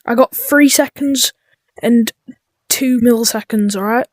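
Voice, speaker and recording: A woman giving chaotic, dark-humored let's-play commentary, muttering and often dropping into whispers. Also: a little high, unhurried, no room sound, clean studio sound. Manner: drops into whispers. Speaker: gaming YouTuber.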